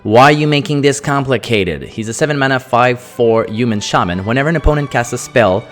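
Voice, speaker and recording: French guy, native french speaker, sarcastic card review, jokes a lot, quick through the rules text. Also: medium pitch, expressive, faint music behind. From France. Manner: sarcastic, jokey, rattles off card text fast. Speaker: host.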